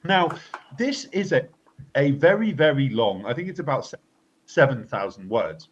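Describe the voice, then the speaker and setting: A man hosting a political commentary podcast, talking in a halting way with many fillers and restarts. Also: mid-range voice, lively intonation. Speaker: co-host. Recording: slightly dull lo-fi audio.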